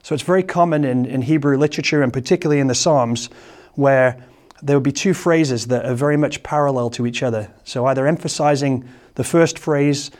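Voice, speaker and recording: A man preaching a sermon, explaining a psalm in a halting, searching way and often repeating words, then reading scripture slowly. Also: mid-range voice, darkish tone. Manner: slow, measured scripture reading.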